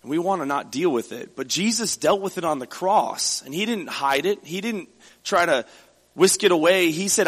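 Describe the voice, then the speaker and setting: A man's voice: fairly high pitch, lively intonation, moderate pace, breathy edge, long reverb tail. A male pastor preaching a sermon, reading scripture aloud and then explaining it in a conversational way.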